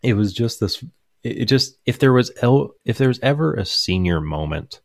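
A man's voice: medium pitch, lively intonation, moderate pace, creaky, no room sound, clean studio sound. A young man casually telling a long, amused story, rambling with many fillers and restarts.

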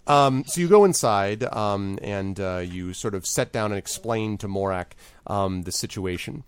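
A man's voice: on the low side, unhurried, clean tone. A man narrating as game master in a rambling way with many fillers.

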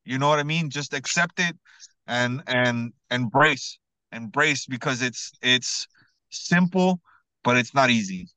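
A man's voice: medium pitch, a little slow, clean tone, no room sound, rough recording. Slangy man telling an earnest story. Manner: slangy, fills talk with "bro" and "you know what I mean"; earnest, builds to excited emphasis. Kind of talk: casual storytelling.

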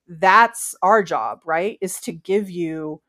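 A woman's voice: fairly low pitch, takes it slowly, fairly bright tone. A woman comic book writer talking animatedly through her ideas in a podcast interview, full of asides. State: has the hiccups.

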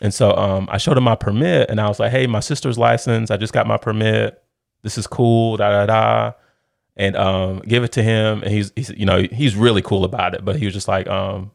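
Middle-aged male storyteller, low gravelly voice, animated casual delivery, dry close recording. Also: brisk, no echo. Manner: animated, laughs often, says "dude".

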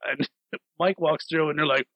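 A man co-hosting a podcast, telling travel stories in a casual, animated way, with frequent laughs and swearing. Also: fairly high pitch, normal speed, no room sound, dull audio. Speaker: podcast co-host. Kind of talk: casual chat.

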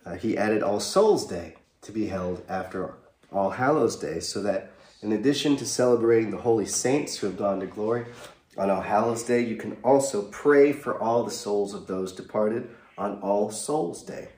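This pastor has a lowish, slightly mellow voice and a moderate pace. He gives his sermon live in a small chapel, speaking conversationally and questioning the congregation, all picked up from afar in an echoing room.

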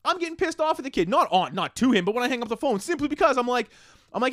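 A man, hosting a casual solo podcast and ranting profanely, swinging between loud outbursts and hushed asides. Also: extremely high pitch, expressive, quick pace, dry recording, studio quality. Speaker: podcast host.

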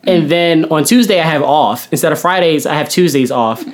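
Young woman telling stories with lively quotes. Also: low voice, a little fast. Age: young adult. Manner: animated storytelling, acts out quotes, laughs often. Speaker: podcast co-host. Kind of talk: casual chat.

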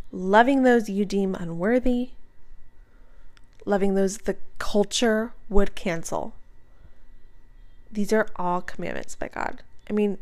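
A woman's voice: mid-range voice, a little mellow. A woman hosting her own show, talking about her faith in a passionate, earnest, conversational way and putting questions to the listener. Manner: passionate, fired up. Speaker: podcast host. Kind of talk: casual faith talk.

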